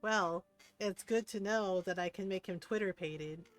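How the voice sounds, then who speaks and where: A woman's voice: medium pitch, normal speed, a little mellow. A woman streamer with a middle-range voice talks casually while she plays. She rambles and giggles her way through stories, full of fillers. Faint game music runs underneath. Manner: chatty, rambling, lots of "like" and giggling retellings. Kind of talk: casual gameplay chat.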